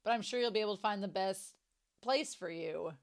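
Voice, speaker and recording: A woman voicing a gentle, kind male coworker in a soft, polite, lowered tone. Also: fairly quick, lightly acted.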